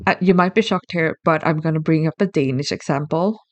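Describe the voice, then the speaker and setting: The recording sounds muffled but dry, with no room sound. A co-host with a mid-range voice talks fairly quickly through a subject on a casual explanatory podcast, methodical and thoughtful, with frequent restarts.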